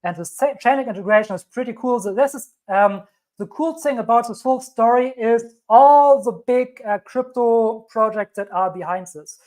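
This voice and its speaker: This crypto channel host, heavily German-accented, reads news aloud during a live stream, emphatic and reassuring as she goes over her points again and again. She speaks at a normal speed in a fairly high, slightly mellow voice.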